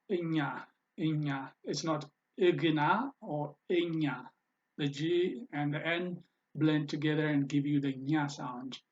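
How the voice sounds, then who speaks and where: A man's voice: fairly high pitch, highs cut off. A man teaching a language lesson over a screen recording, patiently repeating each pronunciation and thinking aloud as he edits his slides.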